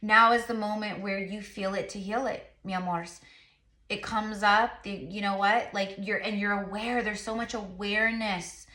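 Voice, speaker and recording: Woman tarot reader, chatty and rambling, bright edge, echoey room. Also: medium pitch, fairly even intonation, moderate pace. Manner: rambling, many fillers, repeated affirmations. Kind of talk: casual spiritual reading to camera.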